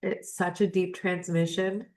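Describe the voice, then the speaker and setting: A woman's voice: lowish voice, flat delivery, a little slow, a little mellow. Emotional woman reading a spiritual text. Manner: emotional, choked up and laughing between passages. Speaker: spiritual astrology channel host.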